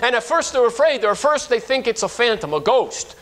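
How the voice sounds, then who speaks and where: A man in his fifties, a pastor preaching a sermon and retelling stories in an animated way, often restarting his sentences. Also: extremely high pitch, brisk. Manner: animated storytelling with frequent restarts.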